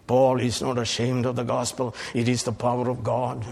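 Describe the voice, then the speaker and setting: A man preaching a sermon as pastor, swinging between hushed lines and shouted climaxes. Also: medium pitch, completely flat delivery, moderate pace, creaky.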